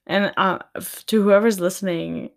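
A woman's voice: medium pitch, steady tone, normal speed, creaky. A woman hosting a faith-based podcast, speaking earnestly and tenderly to her listeners, near tears. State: tearful, near crying. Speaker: podcast host.

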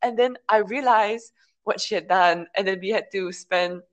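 A woman's voice: medium pitch, normal speed, muffled recording. A young woman co-hosting a casual podcast over a video call, telling a long story with frequent giggles. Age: young adult. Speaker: podcast co-host. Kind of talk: casual chat.

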